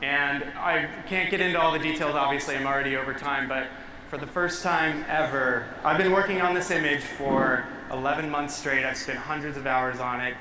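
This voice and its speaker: A young man, a photographer, telling an excited and emotional story to a live audience, getting choked up as he talks. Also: a little high, moderate pace. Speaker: photographer presenting his work. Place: large hall with a live audience. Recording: long hall reverb, faint room noise.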